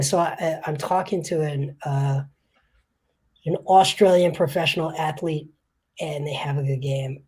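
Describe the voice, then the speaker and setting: Husky low-voiced woman telling a story. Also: moderate pace. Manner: animated, laughing storyteller. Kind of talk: casual storytelling.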